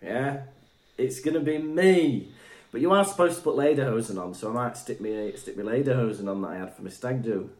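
A man's voice: mid-range voice, brisk, darkish tone, echoey room. A man co-hosting a podcast in casual chat, joking and laughing easily. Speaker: podcast co-host.

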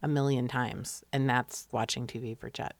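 Chatty low-voiced woman recapping a show. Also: moderate pace, no echo. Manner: animated storyteller, chatty. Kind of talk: casual TV recap chat.

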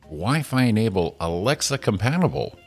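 A man's voice: on the low side, sing-song, moderate pace, faint music behind. A man co-hosting a casual morning show, joking, laughing often and swearing casually. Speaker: co-host.

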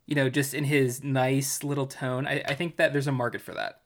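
A man's voice: mid-range voice, little pitch movement, brisk. Wry man with a medium voice. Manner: wry, self-mocking. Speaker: podcast guest co-host. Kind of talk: casual gaming podcast chat.

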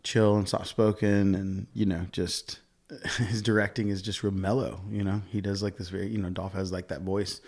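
A young adult man, an actor, tells stories as a guest on a casual podcast. His voice sits low with a gravelly fry, and he keeps a lively, chatty flow that is peppered with laughs and "like"s. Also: normal speed. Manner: animated storyteller, laughs often, many "like"s.

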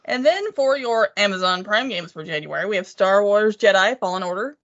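A woman's voice: mid-range voice, lively intonation, brisk, fairly bright tone, lo-fi sound. A woman co-hosting a casual podcast, speaking in a dry, matter-of-fact way. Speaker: podcast co-host.

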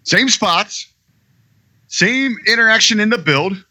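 A man's voice: sits high, expressive, moderate pace, sharp tone. A man co-hosting a wrestling podcast, giving earnest, emphatic opinions in casual chat. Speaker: podcast co-host.

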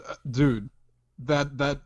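A man's voice: mid-range voice, steady tone, slow. A young man co-hosting a podcast, talking in an easygoing, profane, casual way. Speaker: podcast co-host. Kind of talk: casual chat.

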